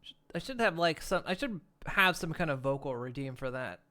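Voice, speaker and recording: A man's voice: fairly high pitch, animated, fairly quick, sharp tone. A man chatting casually on a long live stream, laid-back and rambling, laughing often and yawning between lines.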